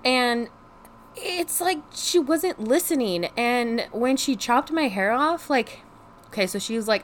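Animated young woman ranting, faint hiss. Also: on the high side, measured pace. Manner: animated, exasperated, swears freely; heavy use of "like" as filler. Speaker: vlogger. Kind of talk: casual storytime rant.

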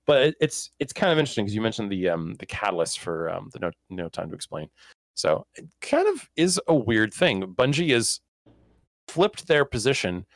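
A young man with a fairly low voice talks games in a casual, excitable way, often restarting his sentences. His voice is recorded dry and close, with no room sound. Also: moderate pace, no room sound. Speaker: podcast co-host. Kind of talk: casual gaming chat.

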